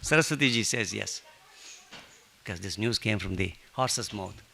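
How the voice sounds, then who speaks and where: A man leading a satsang, telling a devotional story with lively joking asides. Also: on the low side, normal speed, gravelly. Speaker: satsang speaker.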